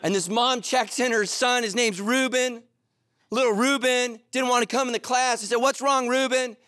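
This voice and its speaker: A middle-aged man preaching a sermon, telling stories animatedly, moving between loud excitement and low, earnest intensity. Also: moderate pace, dry recording, studio quality. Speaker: pastor.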